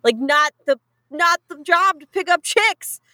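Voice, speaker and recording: A young adult woman casually recapping a show, acting out the characters in quick put-on voices. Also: very high-pitched, no echo, low-quality recording. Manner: animated storytelling, acts out characters in quick voices. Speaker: podcast co-host recapping a show. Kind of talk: casual chat.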